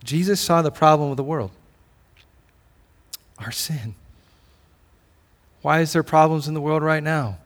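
This pastor's voice is fairly high, and he speaks a little slowly with long pauses. His sermon, recorded in an echoing church hall, is relaxed and conversational, built around stories where he acts out bits of dialogue.

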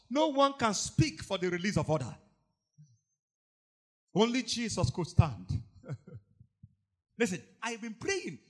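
Impassioned high-voiced male preacher. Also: big pitch swings, slow, long pauses. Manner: impassioned, repetitive, bursts into shouting and snatches of song. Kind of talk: sermon.

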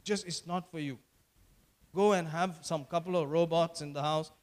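A high-pitched male pastor delivers a sermon. He is in his fifties and talks in repeated phrases, pausing for the listeners to answer amen. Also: steady tone. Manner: preacherly, repeats phrases, calls for amens.

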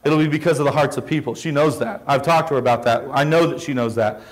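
A man's voice: medium pitch, fast talker, low-quality recording. A man, a pastor preaching a sermon with emphatic rhetorical questions and repeated phrases.

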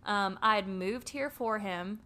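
A woman telling a personal story in a casual podcast chat, animated and swearing freely. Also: medium pitch, measured pace.

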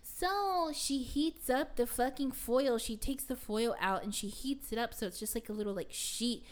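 Her pitch is fairly high and her speed normal as this young adult woman casually walks a friend through a film's plot, rambling, leaning on fillers nonstop and swearing casually.

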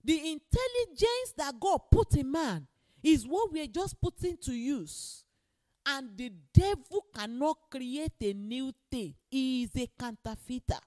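A woman's voice: high voice, animated, unhurried, a little mellow. A woman preacher delivering an emphatic sermon and repeating key phrases for weight.

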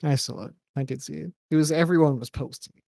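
A man's voice: on the high side, fast, creaky, mellow, no room sound, studio quality. A young man co-hosting a casual wrestling podcast, sarcastic and jokey, swearing freely. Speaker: podcast co-host. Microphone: microphone and headphones.

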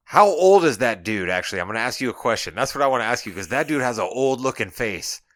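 A man's voice: mid-range voice, lively intonation, fast talker, a bit bright, dry recording, studio quality. A man co-hosting a casual podcast, bantering in a wry, dismissive way with laughs. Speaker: podcast co-host. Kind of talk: casual chat.

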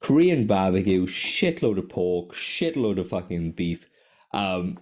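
A podcast host with a low voice chats casually at an unhurried pace, telling animated stories packed with constant swearing and frequent laughter.

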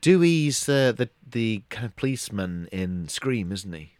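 A man's voice: lowish voice, big pitch swings, measured pace, darkish tone, smooth, no room sound. A middle-aged man co-hosting a podcast, rambling in casual chat with lots of restarts and hesitations. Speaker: podcast co-host.

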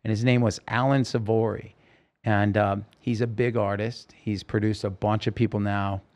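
A man's voice: fairly low pitch, normal speed. A man in his fifties, a rock singer guesting on a podcast, telling a long story and acting out the dialogue. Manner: animated storyteller, acts out dialogue. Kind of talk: storytelling interview.

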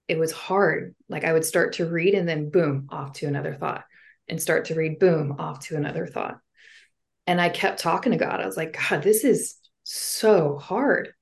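A woman with a somewhat low voice tells her faith story as an interview guest. She speaks earnestly and from the heart, in a loose conversational way with the odd "um" and "like". Her testimony is personal and sincere. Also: darkish tone. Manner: earnest and heartfelt, with casual fillers.

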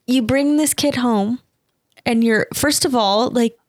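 A woman's voice: fairly high pitch, a little slow, no echo. A woman hosting a casual interview, asking curious follow-up questions. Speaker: interview host.

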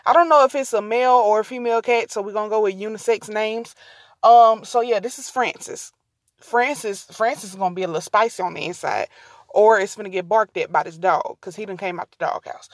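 A woman's voice: medium pitch, a little fast, no echo, studio quality. A woman hosting a casual solo podcast, rambling and easily distracted, talking to her listeners as y'all. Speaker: podcast host.

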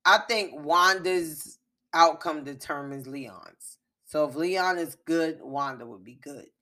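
This is a woman hosting her own podcast, walking through a TV episode in relaxed, unscripted chat. Her voice sits somewhat low. She talks with a lot of energy, swears freely and punches the key beats as she tells the story. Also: takes it slowly. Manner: animated, profane, emphatic storytelling. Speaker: podcast host. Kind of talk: casual TV recap chat.

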